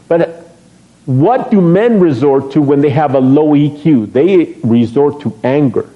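A man's voice: fairly high pitch, animated, a little slow. A middle-aged male pastor preaching a sermon from a church pulpit, joking with the congregation and asking them questions. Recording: dull lo-fi sermon recording.

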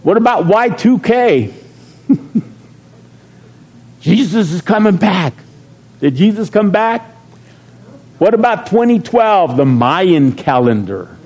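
A middle-aged man preaching a sermon as pastor, folksy and joking, rising into shouted calls to the congregation. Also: high voice, sing-song, slow pace, pauses often, husky.

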